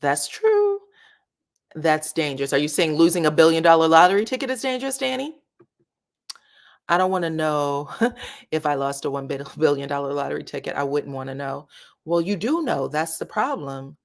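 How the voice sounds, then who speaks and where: Low-voiced woman chatting commentary. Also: animated, brisk, gravelly. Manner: chatty, reads viewer comments aloud. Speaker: commentary channel host. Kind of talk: casual reality-show commentary.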